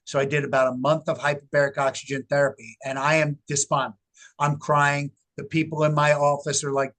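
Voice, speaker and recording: A middle-aged man speaks as a guest on an interview, his voice sitting a little higher than most men's. He tells his story in an animated, emphatic way and leans hard on key words. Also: brisk. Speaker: guest, researcher. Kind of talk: casual interview talk.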